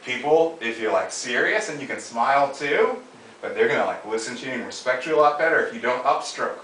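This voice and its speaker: A man lectures and drills someone like a coach, bossy and insistent, his bright voice swinging up and down. He sits a little back from the mic in a roomy, echoing space with faint background noise. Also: mid-range voice, animated, fairly quick. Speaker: dating coach. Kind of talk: mock coaching session. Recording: echoey room, from far off, faint noise.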